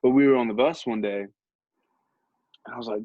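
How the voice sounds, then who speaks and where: A man's voice: medium pitch, measured pace, dry recording. Young guy podcasting, rambling funny story about himself, dull dry lo-fi sound. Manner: rambling, humorous and self-mocking. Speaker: podcast host. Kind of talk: casual anecdotal storytelling. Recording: dull lo-fi recording.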